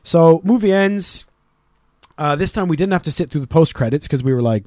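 A man co-hosting a casual podcast, telling stories with lots of swearing and loud acted-out quotes. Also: a little high, animated, a little fast, no echo, studio quality. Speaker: podcast co-host. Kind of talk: casual profane chat.

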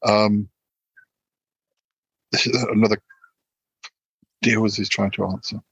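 Male podcast host, low husky voice, halting casual quizmaster. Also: flat delivery, fairly bright tone, no room sound, dull audio. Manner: hesitant, lots of ums and restarts. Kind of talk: casual chat, reading quiz questions.

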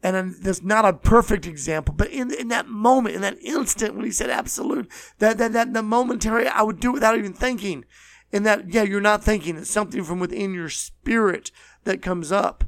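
A man preaching a sermon, earnest and repetitive, slowing down to stress key words. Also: high-pitched, vocal fry, a bit bright, no room sound, clean studio sound. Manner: earnest, repeats phrases, slows for emphasis.

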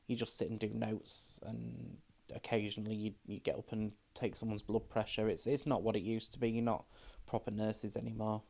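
A woman's voice: very deep voice, little pitch movement, normal speed, gravelly, hardly any pauses, darkish tone. A middle-aged trans woman, talking frankly as a podcast guest and telling stories with quoted dialogue. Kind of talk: casual chat.

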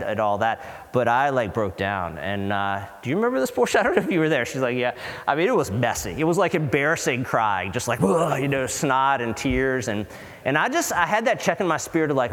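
A man preaching to his congregation in an earnest, conversational way. He pauses for effect and gives quoted characters their own voices. His mid-range voice rings out through a church hall with a long reverb. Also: medium pitch. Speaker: pastor. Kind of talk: sermon.

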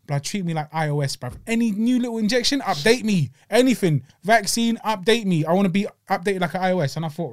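A London man co-hosting a podcast, his voice sitting high. He talks in animated, slang-heavy bursts and leans hard on every point. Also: fast, hardly any pauses. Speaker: podcast co-host. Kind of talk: casual chat.

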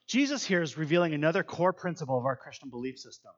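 A man with a high-pitched voice offers a relaxed devotional Bible teaching, chatting earnestly with many fillers. He speaks fast with hardly any pauses, and the recording is dull and lo-fi.

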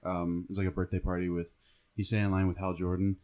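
A man's voice: low voice, completely flat delivery, quick pace, dull audio. A man in a casual chat, animatedly retelling scenes and jokes.

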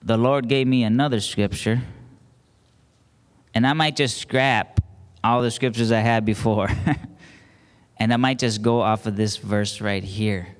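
A man's voice: fairly low pitch, fairly even intonation, unhurried, pauses often, clear, resonant tone. A male pastor preaching a sermon with call-and-response, building emphasis as he goes. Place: church sanctuary. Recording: long hall reverb.

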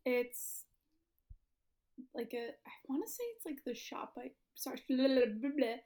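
A woman's voice: high voice, unhurried, mellow. A young woman co-hosting a podcast in casual chat, rambling with lots of fillers while eating. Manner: chatty, filler-heavy, laughs often. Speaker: podcast co-host.

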